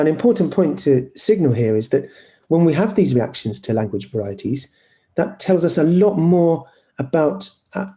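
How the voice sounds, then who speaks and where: A man's voice: medium pitch, mellow. A man giving a university lecture, explaining step by step and checking in with the listeners.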